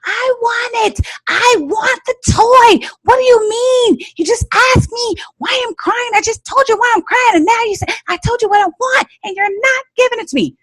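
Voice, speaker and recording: A woman voicing a whiny young boy who shouts and wails for a toy he can't have. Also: very high-pitched, normal speed, few pauses, no echo, pitched above the performer's own voice, poor audio. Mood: whining. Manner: wailing, shouting petulantly.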